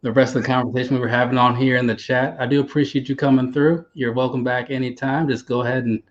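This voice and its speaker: A man's voice: medium pitch, steady tone, fast. A man hosting a casual livestream chat, easygoing and rambling, with hesitant stops and restarts. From United States. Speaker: livestream host. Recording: dull lo-fi sound.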